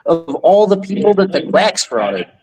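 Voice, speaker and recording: A man's voice: high-pitched, big pitch swings, unhurried, darkish tone, breathy edge, rough recording. Heated, profane man ranting on stream. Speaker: livestream host. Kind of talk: ranting livestream commentary.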